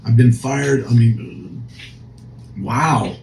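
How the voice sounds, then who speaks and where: A man's voice: medium pitch, drawn-out words, gravelly, darkish tone. A man co-hosting a recovery podcast as a counselor, speaking earnestly and emphatically with frequent restarts. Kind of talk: casual discussion. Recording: echoey room, faint noise.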